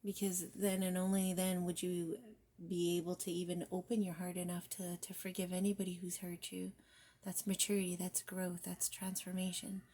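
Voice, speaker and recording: A woman giving a spiritual guidance card reading, soft and reflective, often slipping into near-whispers and casual, mildly profane phrasing. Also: on the low side, monotone, normal speed, slight background noise. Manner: casual, with mild swearing. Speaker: tarot reader.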